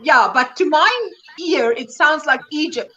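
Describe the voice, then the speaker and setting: A woman's voice: sits high, animated, measured pace, bright, forceful tone, highs cut off, a little hiss or hum. A woman hosting a crafting livestream, cheerfully reading out viewer comments and chatting. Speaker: livestream host. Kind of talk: casual chat, reading viewer comments aloud.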